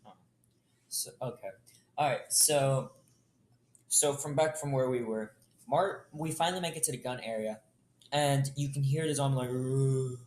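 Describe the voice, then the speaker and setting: A young man improvising a story casually, rambling with quick jokes and asides. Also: mid-range voice, a little mellow. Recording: roomy echo.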